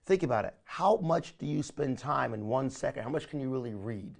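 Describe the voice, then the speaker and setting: Energetic man coaching a training session. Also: mid-range voice, a little fast, vocal fry. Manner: energetic, coaching, says "my friend" often. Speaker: online marketing trainer.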